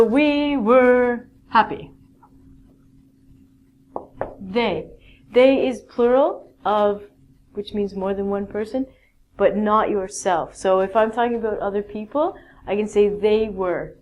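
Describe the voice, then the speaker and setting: A woman teaching a basic English grammar lesson in a classroom style, explaining slowly and checking in often with "okay?". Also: medium pitch, darkish tone, a little hiss or hum. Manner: slow, clear teaching with many "okay?" checks.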